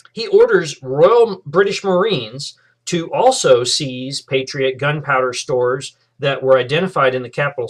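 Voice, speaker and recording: A middle-aged man, a history professor giving a recorded lecture in a relaxed way, with many fillers and restarts. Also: mid-range voice, breathy edge.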